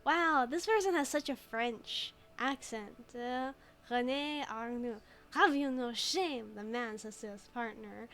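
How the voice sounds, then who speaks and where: A woman's voice: fairly high pitch, unhurried, a bit bright, faint music behind. A woman streamer chatting and giggling while reading game text aloud, in casual gameplay commentary.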